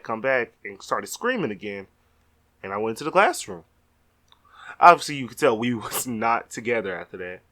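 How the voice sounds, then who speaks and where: A young man telling a storytime vlog, animated and exasperated, talking casually. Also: medium pitch. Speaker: vlogger.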